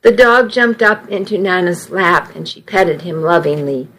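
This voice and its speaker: A woman reading a first-person story aloud in a slow, measured way. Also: lowish voice, fairly bright tone, a little hiss or hum, poor audio. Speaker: narrator.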